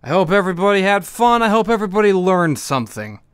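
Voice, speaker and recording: A man hosts a comedy podcast and wraps it up with deadpan, profane jabs at his audience. His voice sits high for a man and sounds smooth, recorded close and dry. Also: quick pace, dry recording. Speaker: podcast host.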